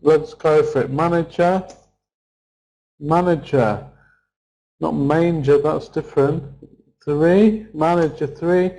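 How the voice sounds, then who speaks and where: A man's voice: fairly high pitch, a little slow, dark tone, rough recording. A man teaching an online pronunciation lesson, patiently repeating each word and counting its syllables. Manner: patient, explains the stressed vowel sound step by step. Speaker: English teacher.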